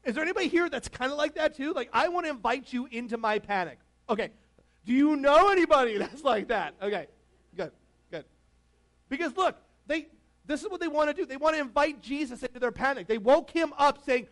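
A man's voice: extremely high pitch, animated, a little fast, a bit bright. A man preaching a casual, conversational sermon, laughing often and asking the congregation questions. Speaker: pastor.

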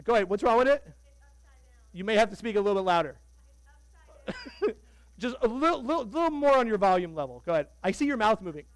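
A man preaching a sermon as pastor, animated and conversational, joking with the congregation. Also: high voice, brisk, pauses often, no room sound, poor audio.

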